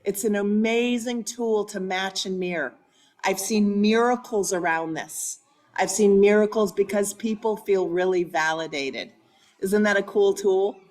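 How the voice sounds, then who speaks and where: A woman life coach giving an animated, empathetic training talk, often repeating phrases for effect. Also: medium pitch, a little slow. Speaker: life coach, workshop speaker. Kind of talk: training talk to a hybrid audience.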